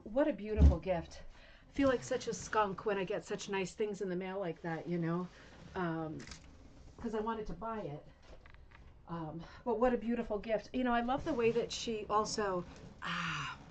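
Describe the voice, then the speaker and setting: A woman hosting a casual craft chat, gushing and rambling with many fillers as she shows a rug to viewers at home. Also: mid-range voice. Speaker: rug hooking channel host.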